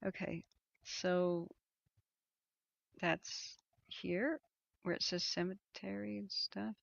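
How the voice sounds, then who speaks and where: Creaky-voiced woman livestreaming wildfire maps. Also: lowish voice, steady tone, slow pace, no echo. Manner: thinking aloud, hesitant, many ums and restarts. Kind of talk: casual live-stream commentary. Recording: dull lo-fi stream audio.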